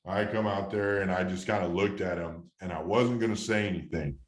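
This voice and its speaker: A man's voice: low voice, brisk, roomy sound. A man in his thirties, a former ballplayer, telling a long story in a casual interview, rambling with fillers and restarts. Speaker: guest, former baseball catcher.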